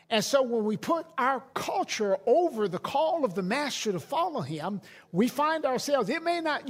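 High-voiced male pastor preaching. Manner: conversational preaching with repeated restarts. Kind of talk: sermon. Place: church hall.

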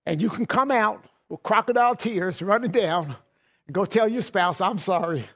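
Middle-aged guy preaching, pretty high voice, folksy, chuckles a lot, trips over his words. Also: moderate pace, a bit bright. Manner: folksy, laughs often, stammers and repeats words. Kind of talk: sermon.

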